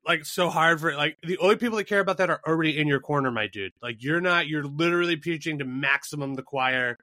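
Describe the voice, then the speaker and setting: Male podcast co-host, sharp and bright, worked-up and foul-mouthed, recorded dry. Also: a little high, fast, dry recording. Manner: profane, heated, animated. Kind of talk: casual podcast rant.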